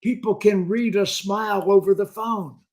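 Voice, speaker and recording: High-voiced enthusiastic American male host. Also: steady tone, normal speed, a little mellow. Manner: enthusiastic, salesman-like hype. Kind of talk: casual interview chat.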